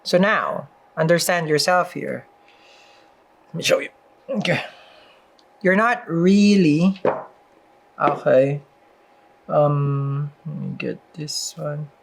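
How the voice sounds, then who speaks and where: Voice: mid-range voice, steady tone, takes it slowly, gravelly, long pauses. A tarot reader and spiritual advisor giving a casual reading and advice, chatty, with frequent "mm-hmm" asides and dry sarcasm.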